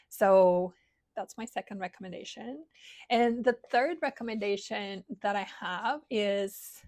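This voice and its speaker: A woman's voice: medium pitch, no room sound. Gushing woman talking books, dry sound. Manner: enthusiastic, gushing, loose and rambling. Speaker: book reviewer. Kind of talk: casual book recommendation vlog.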